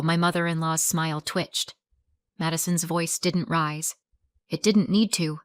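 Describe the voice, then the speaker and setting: A woman narrating a story in a calm, measured storytelling voice. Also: low-pitched, smooth, no room sound, studio quality.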